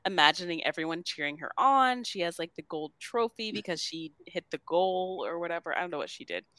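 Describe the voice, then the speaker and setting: A woman co-hosting a casual podcast, recapping a TV episode, animated and swearing casually, acting out the characters' lines. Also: fairly low pitch, fairly quick, no room sound. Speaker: podcast co-host.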